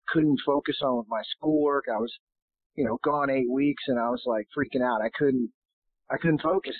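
Hoarse male guest, rambling and casual, phone-line quality. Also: mid-range voice, no room sound. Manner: rambling, many restarts and fillers. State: hoarse, losing his voice. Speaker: golf professional, guest.

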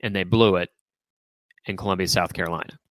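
A man's voice: deep voice, steady tone, brisk, a bit bright, no echo. A man hosting a sports talk show, opinionated and playfully teasing as he trades takes with his co-host.

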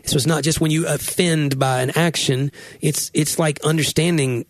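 A man's voice: a little high, fairly even intonation, normal speed, dry recording. A man who is a pastor, hosting a podcast and talking in an earnest, reflective way with frequent restarts. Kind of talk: casual podcast conversation.

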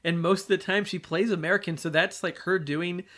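A man's voice: high voice, steady tone, a little fast, bright, forceful tone. A man co-hosting a casual film podcast, easygoing, laughing often and leaning on "like". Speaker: podcast co-host.

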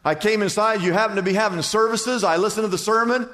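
A man's voice: sits high, fast, pushed and bright. A male pastor preaching an emphatic, conversational sermon full of repetition. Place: church sanctuary. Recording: long church hall reverb.

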